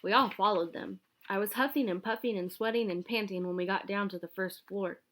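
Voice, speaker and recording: A woman reading a children's chapter book aloud in a lively, expressive storytelling manner. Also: mid-range voice, a little fast. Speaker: audiobook reader.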